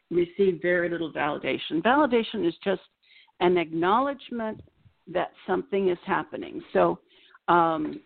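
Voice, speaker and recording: Gravelly woman therapist on a phone line. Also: on the low side. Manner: gentle, measured, gives examples. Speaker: psychotherapist guest. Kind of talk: explanatory interview talk.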